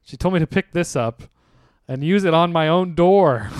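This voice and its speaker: Animated storytelling man, smooth dry voice. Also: on the high side, moderate pace, no room sound. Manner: animated, laughing, acts out quoted dialogue. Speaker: podcast host. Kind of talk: casual storytelling chat.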